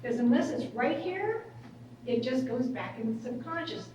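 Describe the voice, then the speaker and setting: A woman's voice: high voice, expressive, moderate pace, darkish tone, highs cut off. A woman speaker telling stories to a workshop audience, chatty and conversational. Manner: conversational, acts out quoted voices. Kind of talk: storytelling workshop talk. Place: large conference hall. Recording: echoey hall, far from mic, room noise.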